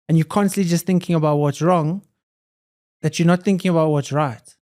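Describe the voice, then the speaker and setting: A man's voice: fairly high pitch, steady tone, a little fast, darkish tone. A young adult man, a podcast guest, talking in an earnest, reflective way and often repeating phrases. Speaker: podcast guest, hybrid athlete. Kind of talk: casual conversation.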